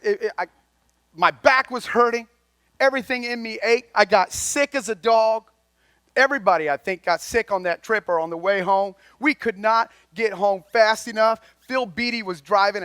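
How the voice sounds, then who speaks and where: Man, high voice, folksy chatty preacher, close dry sound, loud-to-hushed delivery. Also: smooth, dry recording. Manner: folksy, conversational preaching that swings between loud and quiet. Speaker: lay speaker at a chapel. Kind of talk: sermon.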